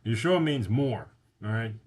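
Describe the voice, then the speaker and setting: A man's voice: medium pitch, expressive, darkish tone. A man teaching a beginner language lesson from slides, repeating words for practice. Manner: repeats words slowly for drilling.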